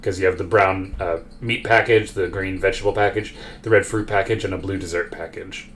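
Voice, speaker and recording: A man's voice: low voice, steady tone, fairly quick, fairly bright tone, slight background noise. A man running a tabletop game as game master, narrating in a rambling way with many fillers.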